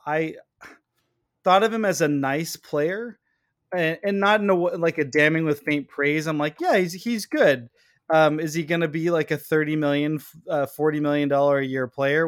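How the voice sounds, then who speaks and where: Male sports podcast host, slightly high voice, loose rambling delivery with laughs. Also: dry recording, studio quality. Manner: rambling, self-correcting, laughs often. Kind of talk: casual sports chat.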